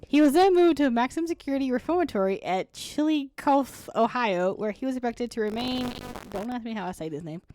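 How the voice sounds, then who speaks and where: A woman's voice: a little high, animated, brisk, few pauses, dark tone, a little hiss or hum. A young woman co-hosting a casual true-crime podcast, reading from notes and breaking off for blunt, profane asides. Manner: reads notes then adds blunt, profane asides with laughs. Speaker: podcast co-host.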